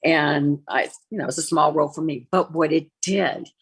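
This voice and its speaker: A woman's voice: deep voice, moderate pace, husky. A woman in her sixties, an actress and former TV host, telling an aggrieved personal story as an interview guest and acting out the dialogue. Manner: animated, acts out quoted dialogue; candid, aggrieved.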